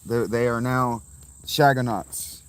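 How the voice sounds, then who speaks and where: This livestream host, a man in his fifties, broadcasts casually from his phone beside an outdoor fountain, talking with viewers and wandering from thought to thought. His mid-range voice is smooth, and he takes his time.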